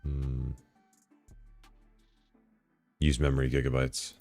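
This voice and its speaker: Super deep voiced guy streaming, mumbling to himself and chat, excitable, cussing, no room echo. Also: slow pace, vocal fry, soft background music. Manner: swearing, talking to himself, excited outbursts. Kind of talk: casual live-stream commentary while setting up software.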